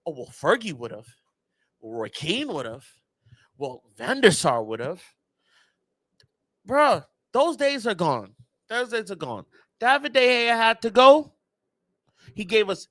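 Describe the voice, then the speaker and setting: Fan-channel host: man, high pitch, dry room, emphatic and exasperated. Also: sharp tone, no room sound. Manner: emphatic, exasperated, addresses viewers directly. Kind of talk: casual reaction rant.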